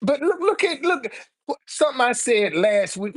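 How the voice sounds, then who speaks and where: A woman's voice: a little high, sing-song, moderate pace. A woman in her seventies hosting a live stream, talking heatedly to her viewers with a lot of repetition, restarts and swearing. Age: 70s. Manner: fiery, repetitive, profane, stammering restarts. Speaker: livestream host answering viewers.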